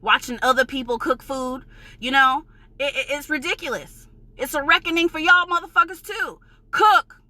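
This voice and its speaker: A woman's voice: high voice, moderate pace, sharp tone, no echo. A woman from New York with a New York accent, ranting in a vlog, heated, emphatic and profane, insisting she is passionate, not angry. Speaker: vlogger.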